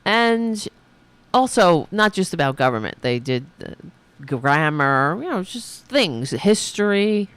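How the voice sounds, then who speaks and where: A woman's voice: on the low side, big pitch swings, slow, smooth. A middle-aged woman hosting a political commentary podcast, ranting angrily and swearing a lot. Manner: angry, profane ranting. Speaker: podcast host.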